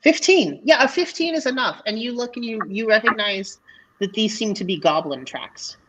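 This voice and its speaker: A woman as dungeon master, narrating a tabletop game in a relaxed way with many ums. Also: fairly high pitch, moderate pace, breathy edge, poor audio. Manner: relaxed, filler-heavy narration.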